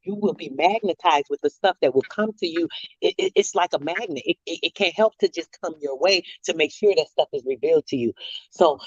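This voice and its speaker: A woman's voice: low-pitched, brisk, breathy edge, dry recording. A middle-aged woman hosting a radio talk show, talking in a heated, emphatic way and telling stories. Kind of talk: casual chat. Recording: dry, dull lo-fi audio.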